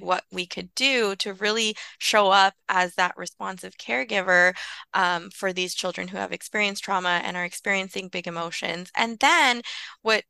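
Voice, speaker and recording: A woman's voice: medium pitch, gravelly, sharp tone, clean tone, no echo. A woman guest on a podcast interview, explaining early childhood care in an earnest, conversational way with lots of "like" and "you know".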